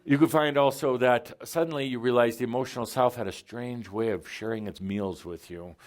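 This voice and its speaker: A man's voice: medium pitch, a little fast, a little mellow. Playful, theatrical man channeling a spiritual teacher. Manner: playful and theatrical, laughing often, teasing the audience. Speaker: channeler addressing a spiritual group. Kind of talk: live channeled spiritual talk to an audience.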